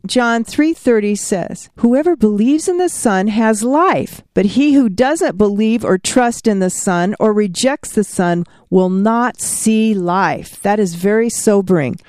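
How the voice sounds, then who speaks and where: A woman co-hosting a Christian radio program, reading scripture and links calmly and earnestly. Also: medium pitch, a little slow, few pauses, no room sound, studio quality.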